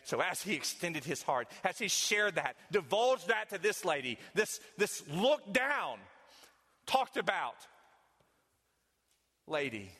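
A male pastor preaching a sermon with dramatic swings from loud emphasis to hushed intimacy. His voice is high and bright, and a long reverb from the church hall follows every phrase. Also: big pitch swings, takes it slowly, breathy edge.

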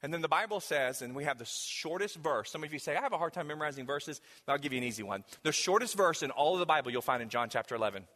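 A man's voice: a little high, animated, quick pace, few pauses, bright, forceful tone. A man preaching a sermon, talking emphatically to the congregation and asking them questions directly. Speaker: pastor. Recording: long hall reverb.

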